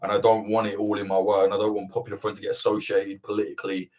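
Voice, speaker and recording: A man hosting a livestream Q&A, chatting casually, swearing freely and rambling with lively energy. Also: lowish voice, rapid-fire. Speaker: host of livestream Q&A.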